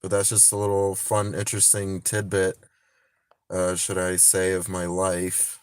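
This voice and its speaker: A man's voice: deep voice, completely flat delivery, measured pace, clear, resonant tone, no echo. A man chatting casually on a phone livestream, rambling with many restarts and frequent swearing.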